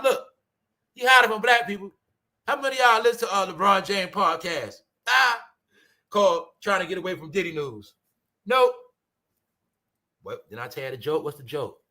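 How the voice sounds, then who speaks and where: Loud mocking man ranting in slang. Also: high voice. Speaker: commentary channel host. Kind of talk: casual ranting commentary.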